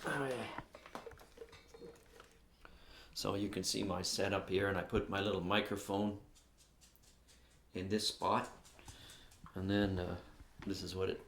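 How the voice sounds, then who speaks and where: A man's voice: low-pitched, steady tone, slow, pauses often, fairly bright tone, a little hiss or hum. A man, a songwriter, talks casually and rambles through how he writes his songs, filmed in his home music room. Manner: rambling, often says "anyway" and "blah, blah, blah". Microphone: camera unit on a chair.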